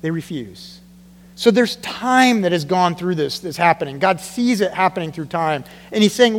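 In a high, bright voice, a pastor delivers an animated sermon to his congregation at a moderate pace, taking on the voices of those he quotes. The sound echoes with the long reverb of a large church hall.

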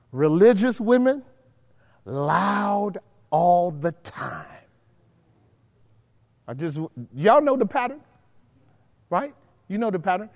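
Male Bible teacher with a high voice, forceful and repetitive, recorded with long hall reverb. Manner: emphatic, repeats points, checks in with listeners. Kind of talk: preaching Bible study.

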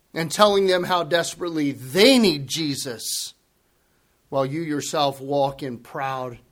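A man preaching a sermon, earnest and emphatic, repeating key words for weight. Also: high-pitched.

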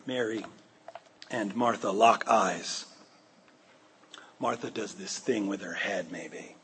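A man's voice: lowish voice, slow pace, a little hiss or hum. A male pastor preaching a sermon, retelling a Bible scene vividly and often restarting his words. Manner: vivid storytelling with frequent restarts. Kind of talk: sermon with dramatic storytelling.

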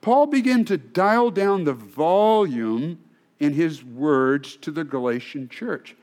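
A man's voice: a little high, expressive, slow pace, darkish tone. A male pastor preaching a sermon in a conversational, storytelling way, often restarting his sentences.

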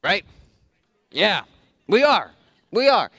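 A man with a high voice preaches a sermon, retelling the story in a loose, conversational way and tossing in quick asides to his listeners. The sound is dry and close, with no room echo. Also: lively intonation, fairly bright tone. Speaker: pastor. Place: outdoors in the sun.

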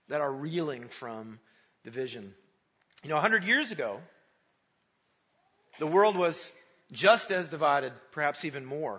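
A man preaching a Christmas Eve sermon, praying and telling a story in an earnest storytelling manner. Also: on the high side. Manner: storytelling, earnest and warm in prayer. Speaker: pastor. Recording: dull sound in a large reverberant church.

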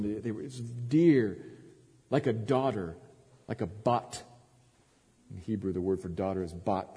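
A man's voice: on the low side, warm tone, breathy edge, long reverb tail. A male pastor preaching a sermon, retelling a story with dramatic emphasis and frequent restarts.

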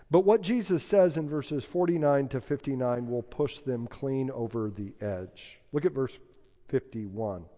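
Slow emphatic preacher in a reverberant hall. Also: male voice, medium pitch. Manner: emphatic preaching, rising to loud peaks on scripture quotes. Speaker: pastor. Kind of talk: sermon. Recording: dull lo-fi sound with long hall reverb.

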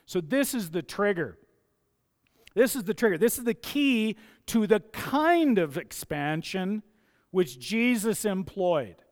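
Pastor, male, high-pitched and gravelly, emphatic sermon delivery in a reverberant church hall. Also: expressive, slow pace. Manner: emphatic, repeats key phrases for stress. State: gravelly, dusty throat.

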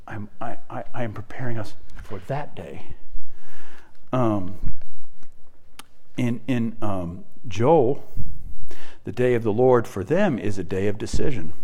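A middle-aged man preaching a sermon, animated, acting out scripture quotes and often repeating words as he thinks. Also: mid-range voice, moderate pace.

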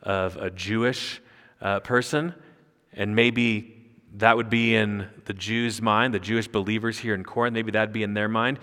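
A man's voice: on the low side, fairly bright tone. A man preaching an expository sermon as a pastor, explaining a passage and rising sharply when he quotes scripture. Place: church sanctuary. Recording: long hall reverb.

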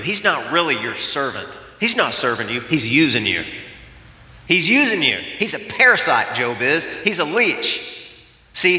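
A man delivering a sermon in a slightly higher voice with a strong, forceful brightness. His storytelling is emphatic and animated, acting out the quotes. The sound rings out in a roomy hall with a long tail of reverb. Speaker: pastor.

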